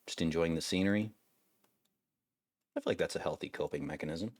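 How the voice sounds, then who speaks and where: A man rambles through a laid-back let's-play commentary and swears casually. His voice sits on the low side, and the recording is dry and close. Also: fairly quick, no room sound. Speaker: gaming video host.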